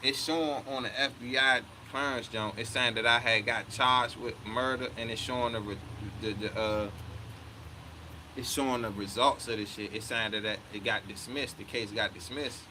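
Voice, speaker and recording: A man's voice: medium pitch, fairly even intonation, moderate pace, background noise. A man in his thirties telling a story in a heated, profane way, often quoting himself. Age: 30s. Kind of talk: casual storytelling rant.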